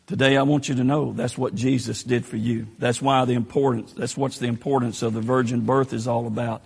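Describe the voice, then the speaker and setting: A man preaching a sermon, telling a story, and moving between hushed and shouted passages. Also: medium pitch, little pitch movement, brisk, vocal fry, husky. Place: church. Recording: echoey church hall.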